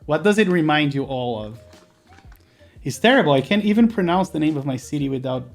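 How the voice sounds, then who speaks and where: A man's voice: a little high, expressive, fairly quick, soft background music. Chatty Brazilian man streaming a build. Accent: Brazilian Portuguese. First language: Portuguese. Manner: chatty, laughs often, answers chat while working. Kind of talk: casual live-stream chat.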